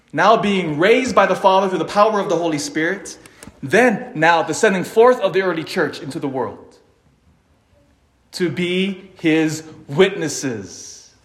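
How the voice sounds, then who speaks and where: A man giving a sermon, animated and dramatic, swinging between loud emphasis and quiet asides, with an occasional chuckle. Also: high voice, roomy sound. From Philippines (family). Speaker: preacher.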